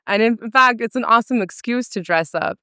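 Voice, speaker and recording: A woman's voice: fairly high pitch, a little fast, pushed and bright, clear, resonant tone, no room sound, studio quality. A woman co-organizing an event, chatting casually on a podcast and laughing often. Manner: giggly, upbeat, laughs often. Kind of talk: casual chat.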